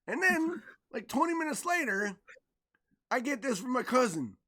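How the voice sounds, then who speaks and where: Man, podcast co-host, animated swearing storyteller, bright sharp tone, wide swings. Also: extremely high pitch, moderate pace, slightly rough. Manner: animated, swearing, acts out quotes loudly. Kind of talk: casual storytelling chat.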